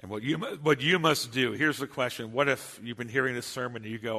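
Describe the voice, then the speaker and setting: A man's voice: mid-range voice, a little fast, sharp tone, long reverb tail. A male pastor preaching a sermon in an earnest, storytelling manner.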